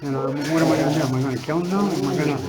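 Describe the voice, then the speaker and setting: A middle-aged man telling a personal story to listeners, halting and repetitive, circling back on his words with many fillers. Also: a little high. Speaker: speaker sharing a personal story. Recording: crowd noise audible behind.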